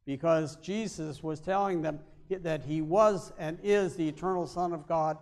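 A male pastor preaching a sermon, with emphatic stresses that drop to quiet, low endings. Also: measured pace. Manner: emphatic, swings between loud stresses and quiet drops.

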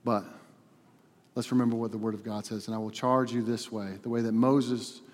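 A man preaching a sermon as pastor, swinging between loud emphatic passages and quiet, hushed ones. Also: mid-range voice, flat delivery, normal speed. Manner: builds to loud emphatic preaching, then drops to a hushed prayer. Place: church hall. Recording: long hall reverb.

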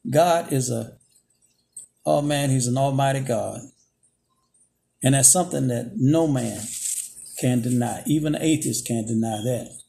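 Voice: medium pitch, unhurried, gravelly, pauses often, dark tone. A preacher delivering a sermon in emphatic, repetitive phrases, checking in with "Okay?". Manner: emphatic call-and-response phrasing, repeats "Okay?".

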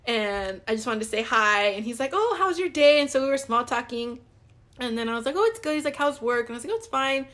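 A woman's voice: a little high, fairly even intonation, fast talker, pushed and bright. A young woman co-hosting a podcast, telling a dating story in a casual, chatty way, full of "like" and acted-out quotes. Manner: chatty, many "like"s, acts out quoted dialogue. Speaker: podcast co-host.

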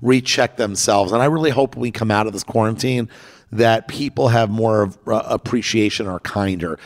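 A man's voice: lowish voice, normal speed. A man co-hosting a podcast in casual chat, earnest and restarting his words when worked up. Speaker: podcast co-host. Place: at home in LA.

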